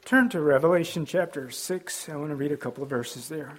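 Preacher, middle-aged man, pitch a touch high, halting sermon delivery with frequent ums. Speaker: pastor.

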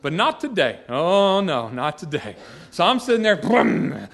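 A man's voice: sits high, sing-song, normal speed, a bit bright. A middle-aged man from Georgia, telling a personal story in a rambling, folksy way that often restarts mid-sentence. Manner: rambling, self-interrupting, folksy.

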